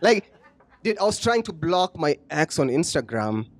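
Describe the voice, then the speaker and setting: Brief: male stand-up comic from Kenya, fairly high voice, dry sarcastic delivery. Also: moderate pace. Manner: sarcastic, deadpan irony. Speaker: stand-up comedian. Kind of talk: stand-up comedy set. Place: comedy club stage.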